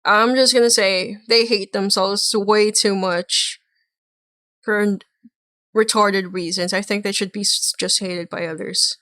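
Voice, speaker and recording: Slow-talking, blunt woman streamer. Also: medium pitch, steady tone, bright, forceful tone, dry recording, clean studio sound. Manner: rambling, blunt, swears casually. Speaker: streamer reacting to a video. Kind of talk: casual reaction chat.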